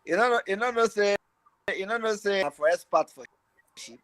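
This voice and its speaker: A man's voice: high-pitched, moderate pace, a bit bright, poor audio. A man with a Nigerian accent teasing friends in Pidgin English on an online call, stumbling over fillers. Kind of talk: casual group chat in Nigerian Pidgin English.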